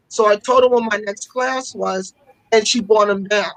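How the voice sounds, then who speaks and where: A woman's voice: fairly high pitch, steady tone, normal speed, creaky, no echo, poor audio. A woman who runs a fashion school, speaking as an interview guest and telling stories with passion, often repeating herself for emphasis. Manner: passionate storytelling with repetitions. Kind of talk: casual interview talk.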